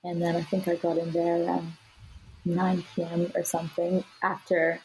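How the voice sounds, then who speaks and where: A woman's voice: on the low side, monotone, moderate pace, a little mellow, a little hiss or hum, poor audio. A woman guest on a podcast, telling her birth story in a casual, chatty way with plenty of fillers and laughs.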